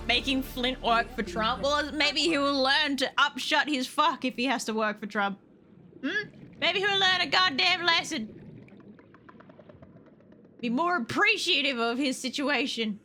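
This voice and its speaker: A young woman streaming a game, chatting to herself and yelling and swearing at the creatures on screen. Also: high voice, unhurried, a little hiss or hum. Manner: expressive, swears and yells at the game. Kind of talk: casual gameplay commentary.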